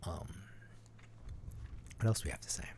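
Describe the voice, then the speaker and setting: A man's voice: normal speed, darkish tone, a little hiss or hum. A man co-hosting a casual podcast, rambling and self-deprecating and leaning heavily on "you know". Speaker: podcast co-host.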